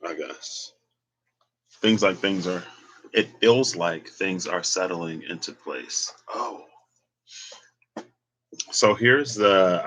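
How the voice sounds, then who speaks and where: A man's voice: low voice, gravelly, sharp tone, husky, rough recording. A man giving a casual solo tarot reading and rambling as he thinks aloud. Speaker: tarot reader.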